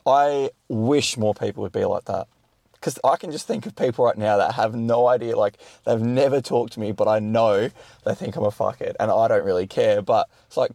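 Young host, gravelly and dark-toned, profane and excitable, dry close recording. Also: male voice, on the low side, moderate pace, no echo. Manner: swears freely, stumbles and restarts when worked up. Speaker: podcast host. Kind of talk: casual chat.

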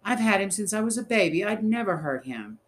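A man's voice: high-pitched, animated, fairly quick, fairly bright tone, voice pushed up. Annie, a timid pleading girl, voiced by a man. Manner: pleading, earnest. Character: timid, polite young girl, anxious and gentle. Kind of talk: audiobook reading.

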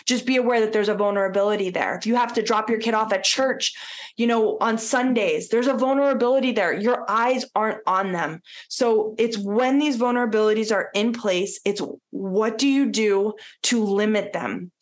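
A woman's voice: medium pitch, moderate pace. A woman co-hosting a podcast, talking in an earnest, heartfelt casual chat with many "like" fillers. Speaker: podcast co-host.

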